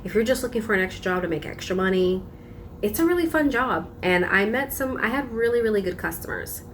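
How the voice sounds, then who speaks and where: A woman's voice: mid-range voice, lively intonation, brisk, slight background noise. A young woman vlogging casually, telling a story with dramatic emphasis and frequent laughs.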